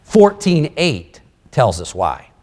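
A man preaching a sermon, reading scripture and explaining it with lively, conversational asides. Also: mid-range voice, slow pace. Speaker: pastor.

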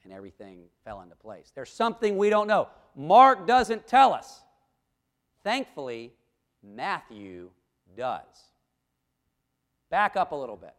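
A man's voice: high voice, fairly bright tone. A man preaching a sermon, asking the congregation questions and reading scripture aloud. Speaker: pastor.

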